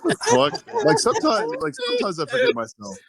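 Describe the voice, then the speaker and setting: A man's voice: high-pitched, huge pitch swings, a little fast, over a noisy crowd. Laid-back, profane man telling stories. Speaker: guest wrestler. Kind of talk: casual storytelling chat.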